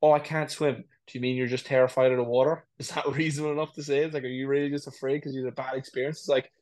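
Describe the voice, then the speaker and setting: A man co-hosts a casual podcast at a brisk clip. He talks reflectively, drawing on personal experience, and keeps circling back with "it's like, listen". His voice sits at an ordinary middle pitch. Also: flat delivery, darkish tone. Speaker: podcast co-host. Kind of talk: casual chat.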